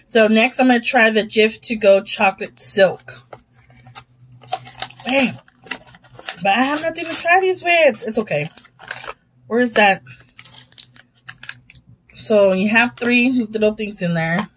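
A woman's voice: on the high side, slow pace, long pauses, slight background noise, low-quality recording. A young woman chatting casually as she tastes and rates snacks, sometimes talking with her mouth full. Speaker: YouTube host. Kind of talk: casual snack review vlog.

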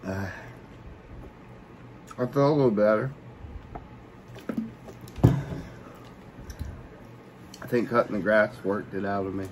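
A man's voice: fairly low pitch, slow, pauses often, background noise. A man chatting casually while eating, joking around and talking with food in his mouth. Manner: joking, laid-back, talks with food in mouth.

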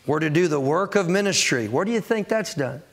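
A pastor preaches to his congregation in the sanctuary, calling out for their answers and acting out the excuses people make. His voice is on the high side, expressive, and brisk.

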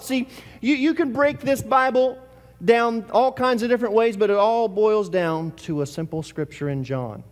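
A man preaching a church sermon in a high, reaching voice, hammering phrases again and again. He swings from loud, pressing bursts down to near-hushed words. His voice rings with the long reverb of a church hall. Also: normal speed. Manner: impassioned preaching with repetition and sudden swings between loud and hushed. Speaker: pastor. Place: church service.

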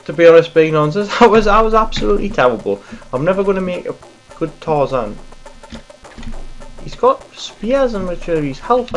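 A woman's voice: deep voice, rough recording. A woman reviewing a game, rambling and swearing at it as she plays. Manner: mutters and swears at the game, self-deprecating. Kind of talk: rambling gameplay commentary.

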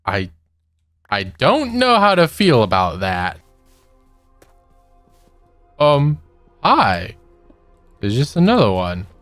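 A man's voice: medium pitch, huge pitch swings, takes it slowly, pauses often, fairly bright tone, no echo, clean studio sound, soft background music. A young man giving casual let's-play commentary, nervous and giggly, talking to the monsters he meets. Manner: nervous, giggly, talks to mobs. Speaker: gaming youtuber.

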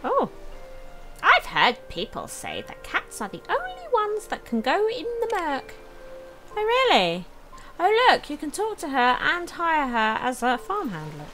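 Unhurried, chatty woman playing a game. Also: sits high, wildly swooping pitch, sharp tone, faint music behind. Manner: chatty, thinks aloud, exclaims often. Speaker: let's play host. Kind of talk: casual game commentary.

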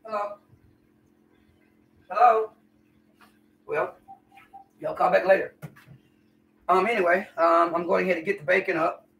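A woman's voice: fairly low pitch, a little slow, creaky, long pauses, fairly bright tone, distant mic, highs cut off. A woman chatting folksily to viewers during a live cooking stream in her home kitchen. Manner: folksy, chatty, calls viewers y'all and honey. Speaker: home cook livestreamer. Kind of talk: casual live cooking chat.

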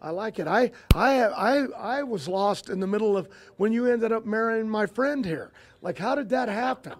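An older man, a drag racing team owner, telling stories in a casual interview, halting and often repeating himself as he restarts. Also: sits high, lively intonation, a little hiss or hum.

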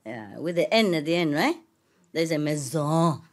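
A woman speaking to an audience in slow, halting English, mixing in French words and laughing often, with a cough. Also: low-pitched, big pitch swings. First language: not English. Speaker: spiritual teacher addressing an audience. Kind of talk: casual talk to an audience, joking.

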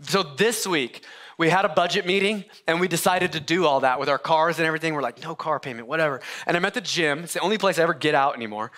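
A male pastor delivers a sermon in a church with a fairly high, bright, forceful voice. He tells his story in a casual, joking way, often stopping and restarting. His tone stays friendly and chatty from the pulpit. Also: fast. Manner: conversational, self-interrupting storytelling with humor. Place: church sanctuary.

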